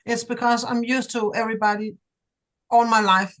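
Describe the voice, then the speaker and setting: A woman speaking as a client in a therapy session, giving hesitant, halting replies. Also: a little high, flat delivery, a bit bright, poor audio.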